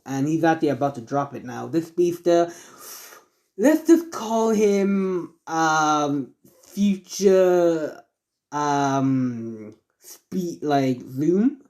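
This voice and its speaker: A man narrating a homemade fan story off the cuff, rambling along with constant fillers and stops to correct himself. His voice is mellow and dark. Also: fairly high pitch. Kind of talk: improvised fan-fiction narration.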